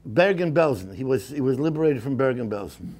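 In a synagogue, a middle-aged rabbi tells a story during his sermon, moving from hushed whispers to rising fervor. His medium-pitched voice is expressive and a little fast, and he mixes in Yiddish and Hebrew phrases.

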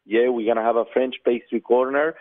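A man's voice: mid-range voice, steady tone, a little fast. A man calling into a radio show as a guest, talking eagerly and adding details as he goes. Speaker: phone-in guest. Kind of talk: casual phone interview. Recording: tinny phone line.

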